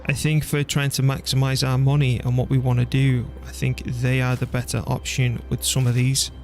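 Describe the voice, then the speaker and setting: A man streaming a strategy game, chatting casually and thinking out loud as he plays, laughing easily. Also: mid-range voice, completely flat delivery, normal speed, soft background music. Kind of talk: casual gameplay commentary.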